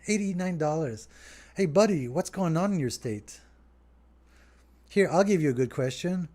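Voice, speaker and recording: A middle-aged French Canadian man from Montreal, talking casually and rambling a little as he answers viewer questions on his podcast. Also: fairly high pitch. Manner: relaxed, rambling, talks straight to viewers. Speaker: restaurant owner hosting a Q&A.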